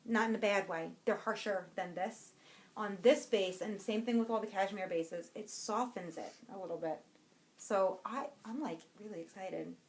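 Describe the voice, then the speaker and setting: A young adult woman co-hosting a podcast, chatting casually and excitedly about yarn she bought, rambling and breaking off her own sentences. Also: medium pitch, moderate pace. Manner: bubbly, rambling, self-interrupting. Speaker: podcast co-host.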